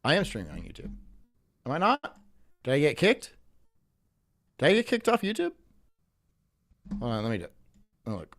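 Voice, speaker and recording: A man hosting a live stream, reacting to clips in an animated way and swearing often. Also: a little high, moderate pace, pauses often, no room sound. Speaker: streamer host.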